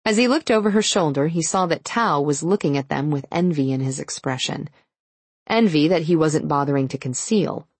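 A woman narrating a romance audiobook with steady, even storytelling. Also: deep voice, normal speed, slightly rough, dry recording. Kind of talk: scripted narration.

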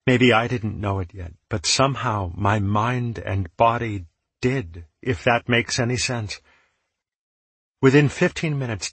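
Low, husky male audiobook narrator. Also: a bit bright, no echo. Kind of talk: first-person story narration.

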